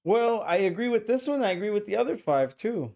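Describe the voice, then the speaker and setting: An easygoing young man with a slightly high voice chats about a movie with a friend. He explains details calmly and laughs along. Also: fairly quick, creaky. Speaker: podcast co-host. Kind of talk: casual movie review chat.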